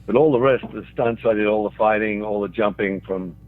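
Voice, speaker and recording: Fairly quick and lowish in voice, an older guest from Australia tells anecdotal stories while chuckling at them himself. The recording is a tinny phone line.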